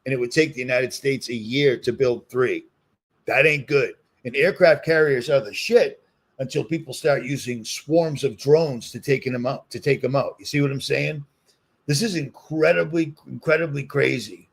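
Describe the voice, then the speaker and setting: A man's voice: mid-range voice, normal speed, vocal fry, breathy edge. A man with a Boston accent, ranting heatedly in a solo commentary video and repeating his points for emphasis. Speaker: commentary vlogger.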